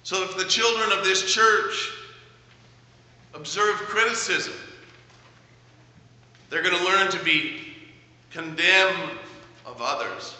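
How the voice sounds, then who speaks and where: A middle-aged man preaching a sermon in a church, earnest and measured, telling stories. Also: high voice, sharp tone. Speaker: pastor. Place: church sanctuary. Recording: echoey church hall from a distance.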